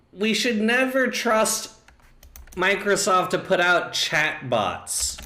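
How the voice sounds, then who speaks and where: A man's voice: sits high, sharp tone, roomy sound. A man streaming live, reacting in casual commentary with laughing asides and fillers.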